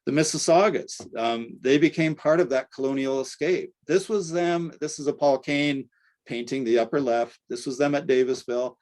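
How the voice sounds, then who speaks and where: Older guy lecturing, chatty, lots of um and right?, mid-pitched voice. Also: normal speed, a little mellow. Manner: conversational, tags points with "right?", frequent fillers. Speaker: archaeology lecturer. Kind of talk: academic lecture.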